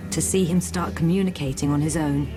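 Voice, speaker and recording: A woman giving a calm, measured documentary voice-over narration. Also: deep voice. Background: music.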